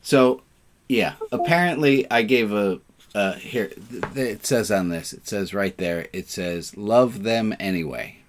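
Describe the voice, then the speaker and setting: A man with a fairly low voice, leading a relaxed online service as the rabbi. He banters warmly with the congregation and slips in groan-worthy puns. The sound comes through a computer mic on a video call. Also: unhurried, a little hiss or hum. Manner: jovial, punning, chatty with the congregation. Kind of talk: informal sermon over a video call.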